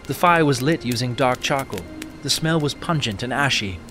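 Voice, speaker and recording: A man's voice: medium pitch, expressive, normal speed, bright, forceful tone. Earnest male storyteller over music. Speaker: narrator. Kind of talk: scripted Bible story narration.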